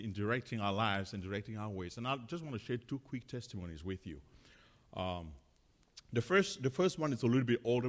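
A man, a missionary, sharing testimonies in church in a chatty, halting way with many fillers. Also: on the low side, long reverb tail. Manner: chatty, many fillers and restarts, laughs often.

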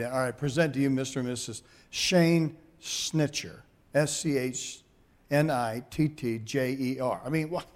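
An older man, a pastor, telling folksy family stories in a sermon, animated and laughing at his own jokes. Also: medium pitch. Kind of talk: sermon storytelling.

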